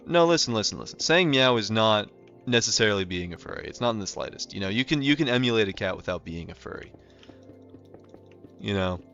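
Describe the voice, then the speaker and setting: A man's voice: fairly low pitch, a bit bright. A young man from North America chatting casually while playing a game live, rambling with lots of fillers. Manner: loose and rambling, heavy on fillers like "like" and "um". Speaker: livestreamer. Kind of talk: casual live gameplay chat. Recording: slightly muffled stream audio with faint music.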